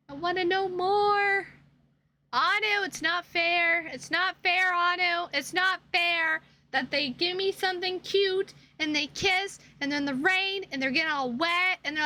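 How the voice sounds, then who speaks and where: A woman streams from her home setup, reacting to a game with dramatic, exasperated whining and plenty of swearing. Her voice sits high and bright, and she stretches her words out at an unhurried pace. A faint hum sits under the desk mic. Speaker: gaming streamer.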